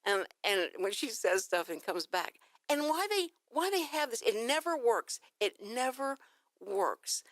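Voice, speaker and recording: A woman from Texas with a Texan accent, hosting a morning radio talk show and telling a story in a lively, chatty way. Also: on the high side, measured pace, dry recording, clean studio sound. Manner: animated storytelling, acting out phone calls. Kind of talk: casual radio chat. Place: radio studio.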